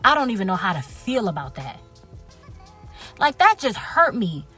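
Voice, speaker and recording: A woman's voice: medium pitch, sing-song, moderate pace, bright, forceful tone, soft background music. A young woman tells a personal story to her viewers in a casual vlog. She sounds earnest and hurt, stopping and restarting often and addressing them as "y'all.". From Liberia. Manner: speaks straight to viewers as "y'all". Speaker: healthcare worker telling her story.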